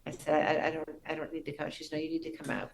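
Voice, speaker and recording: Low gravelly woman telling a reverent story. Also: monotone, rapid-fire, a little hiss or hum, poor audio. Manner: earnest, reverent storytelling with soft restarts. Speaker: guest. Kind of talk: storytelling in a podcast interview.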